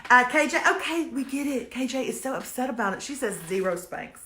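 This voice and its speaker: A woman chats to her viewers in a bright, somewhat high voice, reviewing shows and reading their comments aloud. She repeats her lines for comic emphasis. Her voice rings around a reverberant room. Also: lively intonation, fast, a little hiss or hum. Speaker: host reviewing streaming shows. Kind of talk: casual livestream chat, reading viewer comments. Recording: echoey room.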